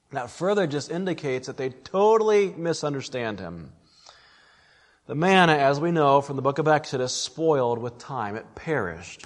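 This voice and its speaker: A man's voice: a little high, big-room sound. A man preaching an expository sermon, earnest and emphatic, often addressing his listeners as friends.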